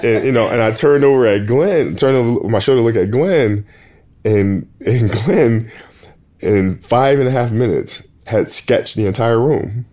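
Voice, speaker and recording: A man telling a story as a guest, eager and excited, often repeating words and restarting. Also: medium pitch, unhurried.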